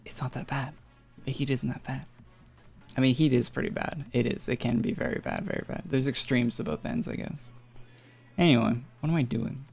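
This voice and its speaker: Young man, from northern Alberta, gravelly, rambling stream chat, repeats himself, faint music. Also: mid-range voice, steady tone, moderate pace, a little mellow. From northern Alberta, Canada. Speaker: gaming streamer. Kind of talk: casual live-stream chat.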